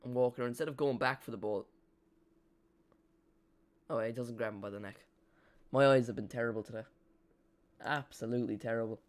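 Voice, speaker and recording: A man's voice: mid-range voice, fairly quick, long pauses. Chatty man hosting a watch-along. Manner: chatty, self-mocking, dry jokes. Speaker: live watch-along host. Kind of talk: casual live match commentary.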